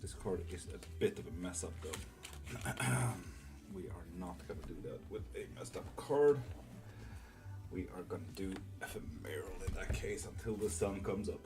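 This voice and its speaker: A deep-voiced man hosts a live tarot stream, talking loosely and rambling through his thoughts with plenty of fillers and casual swearing. Faint music plays quietly under his voice. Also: expressive, moderate pace. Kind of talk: casual live-stream chat reading comments.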